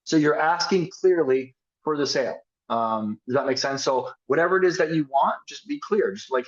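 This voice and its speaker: A man's voice: fairly high pitch, moderate pace, lo-fi sound. A man giving a casual motivational talk on sales and team building, acting out sample conversations as he coaches. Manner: casual, energetic, acts out sample dialogues. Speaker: network marketing team leader.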